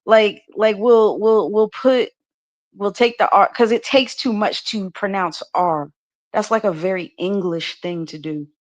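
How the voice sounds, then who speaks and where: A woman's voice: medium pitch, measured pace. An American woman co-hosting a podcast, chatting casually, full of "like" fillers and restarts and laughing easily. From United States. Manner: talkative, many restarts and "like" fillers, laughs often. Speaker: podcast co-host.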